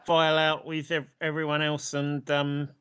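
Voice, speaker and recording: A man playing in a tabletop game, relaxed and polite. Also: on the high side, normal speed, clear, resonant tone, no echo, studio quality. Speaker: player. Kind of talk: casual chat at a game table.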